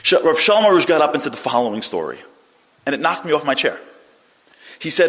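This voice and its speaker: A man giving an inspirational talk, telling a story in an animated, dramatic way. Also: a little high, quick pace, long pauses. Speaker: inspirational speaker. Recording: long hall reverb.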